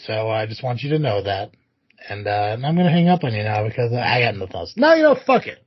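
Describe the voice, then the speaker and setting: Man, husky voice, dry close sound, rambling and swearing, dull muffled podcast audio. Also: on the low side, animated, fast talker, dry recording. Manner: loose, swearing, rambling with fillers. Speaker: podcast co-host. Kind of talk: casual chat.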